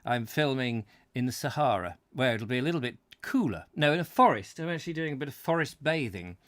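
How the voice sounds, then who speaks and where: A man's voice: medium pitch, animated, a little fast, fairly bright tone, no echo. A man hosting a comic live-stream chat show, rambling and jokey, trailing off with fillers. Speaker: host.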